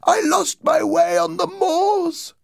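A man reading aloud and voicing a ghost girl lost on the moors, with high, drawn-out, crying pleas. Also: steady tone, creaky, no room sound, clean studio sound, exaggerated voice. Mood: wailing.

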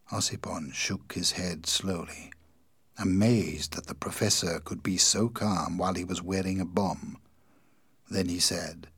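A man narrating a story in a steady, plain reading voice. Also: sits low, normal speed, slightly rough, no echo, studio quality.

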